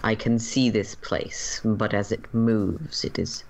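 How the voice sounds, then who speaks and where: A man voicing a solemn ancient fae gatekeeper in a tabletop role-play, speaking in slow, formal pronouncements. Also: on the low side, fairly even intonation, gravelly, a little mellow, a little hiss or hum. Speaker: game master. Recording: muffled lo-fi recording.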